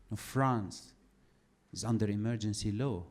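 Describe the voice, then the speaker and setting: A man doing a stand-up comedy set, telling his story with sardonic, animated delivery. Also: on the low side, normal speed.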